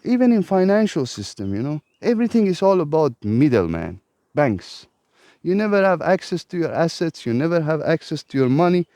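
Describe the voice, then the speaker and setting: Animated, swearing man ranting. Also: sits high, no room sound. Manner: profane, emphatic, exasperated rant. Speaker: self-help vlogger. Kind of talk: ranting monologue.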